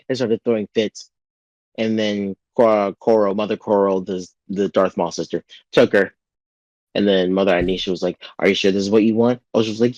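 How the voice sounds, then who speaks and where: A man recapping a TV episode in casual podcast chat, rambling with lots of "like" and jumping into a high voice to act out lines. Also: fairly quick, darkish tone, dry recording, dull audio. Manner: rambling, full of "like" and restarts, acts out quotes in a raised voice. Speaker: podcast co-host.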